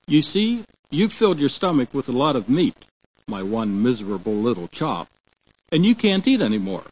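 A man's voice: medium pitch, sing-song, moderate pace, husky, muffled recording. A man voicing a greedy, self-satisfied woman chatting over lunch. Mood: airy.

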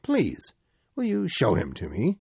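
A man's voice: medium pitch, huge pitch swings, a little slow, creaky, warm tone, slightly rough, dry recording, voice pushed up, full character voice. A man reading a storybook and voicing a frightened old miser who begs and cries out. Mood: pleading. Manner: pleading, rising to anguished cries.

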